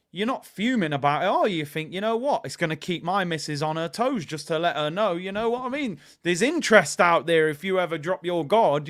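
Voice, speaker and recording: A man with a high-pitched voice, talking football on his own channel. He tells stories and rants in a lively, animated way, leaning on everyday analogies to make his point. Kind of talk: casual fan commentary.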